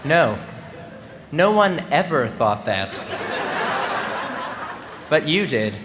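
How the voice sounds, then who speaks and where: A graduating student in his twenties gives a funny ceremony speech in a large venue, his slightly high voice sing-song and very slow. He uses mock-serious comic timing while the crowd laughs, and the recording is reverberant with faint background noise.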